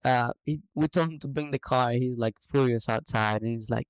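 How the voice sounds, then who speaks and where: A man who owns a business, telling a story in a lively, casual way on a podcast. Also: mid-range voice, moderate pace, few pauses, smooth, no room sound, poor audio. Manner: animated anecdote telling. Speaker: business owner.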